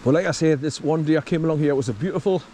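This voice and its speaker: A man's voice: on the high side, very fast, mellow, a little hiss or hum. A middle-aged man with a Geordie accent, chatting casually as he walks outdoors and films a rambling vlog. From northeast England. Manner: chatty, rambling, talks to his dog. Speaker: vlogger. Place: outdoors on a country path.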